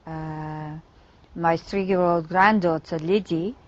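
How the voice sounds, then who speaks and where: A woman's voice: fairly low pitch, fairly even intonation, takes it slowly. An older woman giving an interview, speaking in short, clipped sentences that drop small words. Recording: dull lo-fi broadcast clip.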